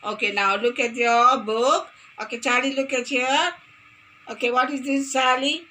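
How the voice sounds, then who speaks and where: A woman's voice: high voice, steady tone, normal speed, bright, forceful tone, slight background noise. A woman teaching a phonics lesson to young children, playful and sing-song, repeating words for them to copy.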